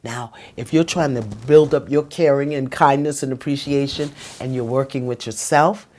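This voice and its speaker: Very low-voiced middle-aged woman, preachy relationship tips straight to camera. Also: moderate pace. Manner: emphatic and preachy, drops to a soft whisper when speaking the phrases. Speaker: relationship advice host. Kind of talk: talking straight to the viewer with tips.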